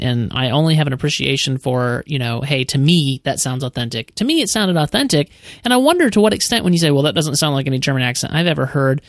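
A man's voice: a little high, no room sound. Rambling man, dry sound. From United States. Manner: rambling, thinks aloud with many restarts. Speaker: podcast host. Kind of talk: casual podcast discussion.

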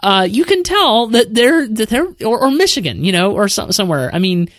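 A man's voice: high voice, sing-song, fairly quick, fairly bright tone, no room sound, clean studio sound. A man with a Midwestern accent hosting a podcast, chatting casually about movies with lots of restarts and repeated words. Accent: Midwestern American. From American Midwest. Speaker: podcast host. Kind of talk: casual movie review chat.

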